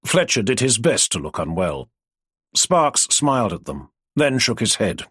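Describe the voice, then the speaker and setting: A man narrating an audiobook in an expressive storytelling manner. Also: fairly low pitch, measured pace, husky, dry recording, studio quality. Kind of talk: scripted narration.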